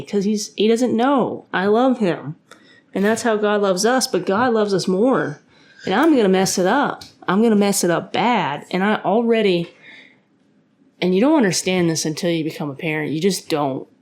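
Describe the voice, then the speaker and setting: A woman's voice: mid-range voice, moderate pace, a little mellow. A woman hosting her own podcast, talking casually and earnestly about faith, rambling with frequent restarts and fillers. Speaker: podcast host; parent of a young son.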